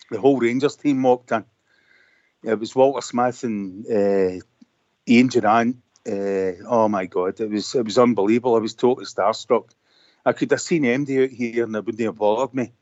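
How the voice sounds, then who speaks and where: A man calling in to a radio show, telling an excited rambling story full of fillers. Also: medium pitch, no echo. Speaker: caller. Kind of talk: phone-in call. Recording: dull lo-fi phone call.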